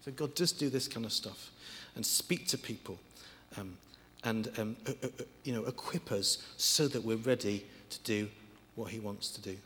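A man's voice: on the low side, normal speed, few pauses, fairly bright tone, slight background noise. Guy preaching, counting off points, big echoey hall. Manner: emphatic, counting points aloud. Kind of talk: sermon.

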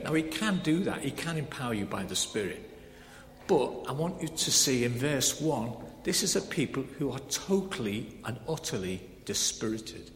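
Man preaching in an echoey hall. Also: medium pitch. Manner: animated, shifts between shouting and soft emphasis; conversational, with many fillers like "kind of, like". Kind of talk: sermon. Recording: echoey hall with faint background noise.

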